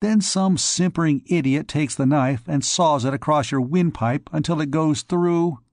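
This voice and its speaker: A blunt, sardonic man who mocks with a straight face, as a man reading an audiobook plays him. The voice is a touch high and the sound is dry and close. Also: normal speed, darkish tone, no room sound, close to an everyday voice. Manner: blunt and mocking. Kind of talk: audiobook character voice.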